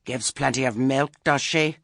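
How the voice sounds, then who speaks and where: A man voicing a stern old witch who speaks with brisk, crisp politeness. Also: medium pitch, fairly bright tone, no room sound, studio quality. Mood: falsely cheerful.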